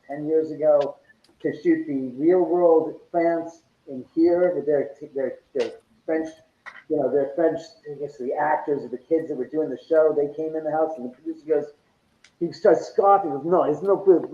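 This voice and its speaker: A man telling stories as a guest on an interview show, animated and often laughing as he acts out what others said. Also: a little high. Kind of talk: casual storytelling interview. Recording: echoey, dull lo-fi sound.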